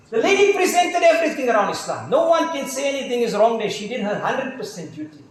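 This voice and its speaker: A man's voice: very high-pitched, big pitch swings, fast talker, hardly any pauses, slight background noise. A middle-aged man with a South African accent, an imam telling stories in a sermon with quoted dialogue and casual slang. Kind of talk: sermon storytelling. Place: mosque hall. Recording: very echoey mosque hall.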